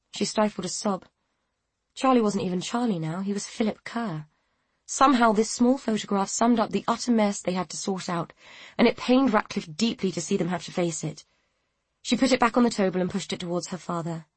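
A woman reading a novel aloud in a measured, even storytelling manner. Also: mid-range voice, slightly rough, dry recording. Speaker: audiobook narrator. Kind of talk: scripted narration.

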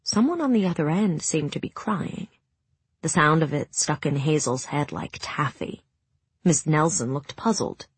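A woman narrating a story in a hushed, emotive reading that sinks to near whispers, with a breathy voice. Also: low-pitched, animated, normal speed, dry recording. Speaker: audiobook narrator. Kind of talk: scripted narration.

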